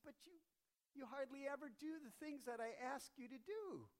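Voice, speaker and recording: An eager little boy with a high, gushing childlike voice, as a man puts him on. He sounds earnest and affectionate, telling his mother how much he loves her in a children's sermon story. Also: animated, normal speed.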